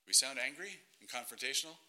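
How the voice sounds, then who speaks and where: A man's voice: medium pitch, expressive, quick pace, pushed and bright, rough recording. A man preaching a sermon in a conversational way, often asking rhetorical questions of his listeners.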